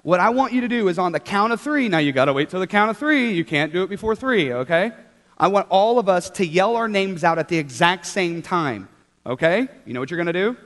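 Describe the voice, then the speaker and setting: Lively high-voiced man leading children. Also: brisk. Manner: upbeat, animated, coaxing kids to join in. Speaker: children's church leader. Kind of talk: children's sermon. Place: large church hall with children. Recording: hall reverb.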